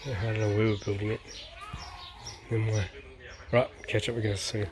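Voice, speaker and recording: A man's voice: fairly low pitch, flat delivery, moderate pace, background noise. A man, chatting casually on a live stream and showing things around a house. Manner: chatty, exclaims often, swears lightly.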